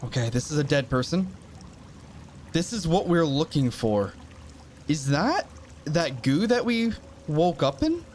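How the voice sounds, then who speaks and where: A man's voice: a little high, big pitch swings, unhurried, pauses often, darkish tone, a little hiss or hum. A man commentating a survival horror game as he plays, often startled and talking to himself. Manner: jumpy, frightened exclamations and muttering to himself. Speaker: gaming channel host. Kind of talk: let's play commentary.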